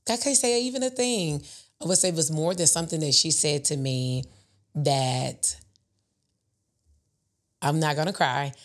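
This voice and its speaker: A woman's voice: low voice, moderate pace. A woman who is an interview guest and runs an event business, talking earnestly and laughing often. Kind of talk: casual interview chat.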